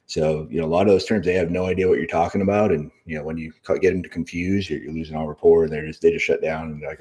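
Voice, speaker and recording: A man hosting a live stream, relaxed and agreeable, reading out viewer comments and chiming in. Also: very deep voice, fast talker, hardly any pauses. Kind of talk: casual live-stream interview.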